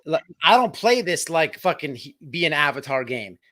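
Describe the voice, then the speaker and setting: A man's voice: big pitch swings, moderate pace. Profane ranting livestream host, man. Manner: profane, ranting, swings from loud outbursts to low mutters. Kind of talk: heated livestream commentary.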